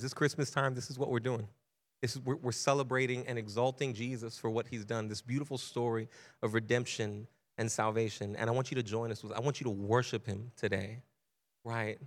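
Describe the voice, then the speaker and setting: Guy preaching a sermon, earnest storytelling, gets more intense, repeats himself for emphasis. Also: medium pitch. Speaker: pastor.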